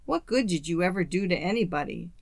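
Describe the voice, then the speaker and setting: A proud young woman speaks sternly, her words edged with contempt, as an audiobook reader puts her on. The recording is dry and close. Her pitch sits a little higher than the narration. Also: sing-song, fast, vocal fry, no room sound. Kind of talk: audiobook character reading.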